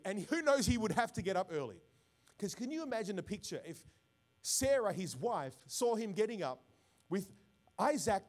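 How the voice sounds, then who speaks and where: A man preaching a sermon as pastor, swinging from quiet reflection to loud, emphatic bursts. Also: fairly high pitch. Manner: preaching with rising bursts of volume and call-outs.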